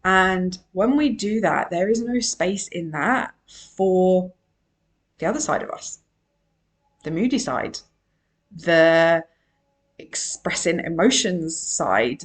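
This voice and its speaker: A woman and emotional wellbeing coach giving a solo podcast monologue. She talks in an earnest, emphatic way and repeats her key phrases. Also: on the low side.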